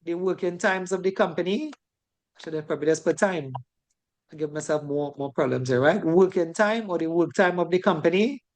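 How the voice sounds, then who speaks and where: A woman's voice: fairly low pitch, fairly quick. Chatty Caribbean woman teaching a class. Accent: Caribbean English. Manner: chatty, tags sentences with "right?". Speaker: safety course instructor. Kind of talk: classroom lecture.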